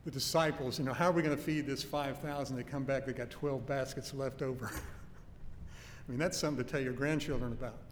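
A man preaching a sermon in an earnest, emphatic way, slowing down to stress key phrases. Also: medium pitch, fairly even intonation. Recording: faint noise and long hall reverb.

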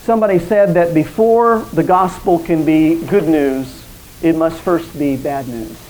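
A man's voice: fairly high pitch, unhurried, a little mellow, low-quality recording. Guy preaching a sermon, earnest and direct, bit of background hiss. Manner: earnest, direct address with quoted voices. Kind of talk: evening sermon.

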